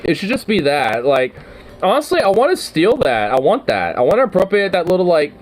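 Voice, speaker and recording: A man's voice: high-pitched, very animated, a little fast, very noisy. A young man hosting a reaction video, rambling and swearing in a slangy, laughing way. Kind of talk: casual reaction commentary.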